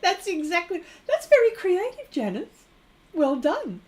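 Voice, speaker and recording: A woman's voice: very high-pitched, wildly swooping pitch, measured pace. A middle-aged woman from New Zealand with a Kiwi accent, hosting an art livestream, chatting casually and laughing often while she reads viewer comments. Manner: giggly, laughs often between remarks.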